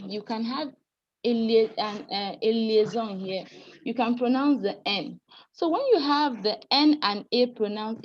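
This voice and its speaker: A woman teaching a French pronunciation class, explaining sounds patiently, spelling out letters and calling on students to read aloud. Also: on the high side. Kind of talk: live class lesson. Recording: dull lo-fi recording with faint noise.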